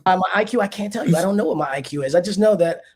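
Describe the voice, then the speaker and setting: A man from Detroit with a Detroit accent talks at a quick clip in a notably high voice. As an interview guest, he explains things in a measured, steady way. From Detroit, USA. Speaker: interview guest, former actor. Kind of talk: casual interview.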